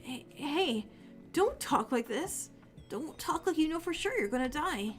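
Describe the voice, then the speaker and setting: A woman's voice: high voice, animated, measured pace, faint music behind. A woman voicing an anxious, protective young male protagonist from a game, reading his lines and narration aloud in an earnest, pleading way.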